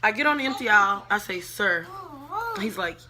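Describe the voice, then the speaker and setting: A woman vlogger telling a casual storytime, animated and chatty, talking straight to her viewers and dropping to whispers when she quotes herself. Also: mid-range voice, racing, noisy background. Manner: profane, chatty, addresses viewers as y'all.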